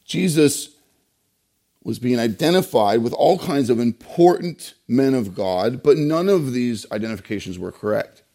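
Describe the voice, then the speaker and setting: A male pastor delivering a sermon, emphatic, with rhetorical questions and pauses. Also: medium pitch, animated, dark tone.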